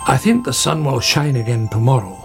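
A man's voice: medium pitch, sing-song, a little fast, gravelly, over music. A man voicing a sensible, grumbly old male badger in a storybook. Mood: calm.

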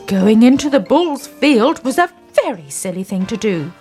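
A woman's voice: a little high, very animated, normal speed, a little mellow, soft background music. A woman doing a firm, lecturing farmer. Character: stern but kindly male farmer.

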